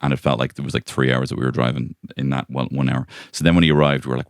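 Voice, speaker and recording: A man's voice: very deep voice, level tone, racing, hardly any pauses, no room sound, studio quality. An Irish man, co-host of a comedy podcast, rambling through a story and acting out the people in it. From Ireland. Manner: rambling storyteller, acts out voices. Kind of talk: casual comedic chat. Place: bedroom.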